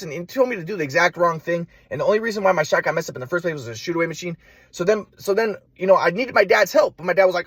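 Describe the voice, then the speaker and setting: A man's voice: sits high, animated, quick pace, slightly rough, dry recording. A man in a rambling personal monologue, stammering with frequent restarts and swearing freely. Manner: repetitive restarts, stammering, profane. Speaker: vlogger.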